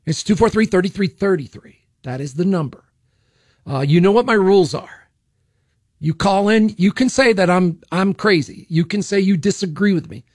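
A man's voice: high-pitched, normal speed, a little mellow, no echo, clean studio sound. Blunt, opinionated radio talk host man. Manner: blunt, opinionated, repeats himself with frequent restarts. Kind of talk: political talk radio monologue. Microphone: studio microphone.

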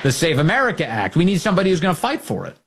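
A man's voice: on the high side, wildly swooping pitch, very fast, noisy background. A man giving sarcastic, mocking political commentary as a host.

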